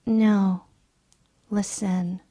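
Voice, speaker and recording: A woman voicing a sharp, petulant young socialite with a breathy, sing-song delivery in an audiobook reading. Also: mid-range voice, flat delivery, extremely slow. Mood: snippy. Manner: snippy and dismissive.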